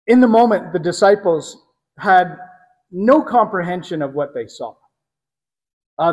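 A man preaching a sermon, teaching earnestly with slow, emphatic phrasing. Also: fairly high pitch, darkish tone, in a large hall. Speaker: pastor.

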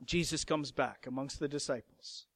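A man preaching a sermon, moving from hushed, slow passages to emphatic, raised lines. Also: mid-range voice, no room sound. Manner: expressive, swings from hushed to emphatic.

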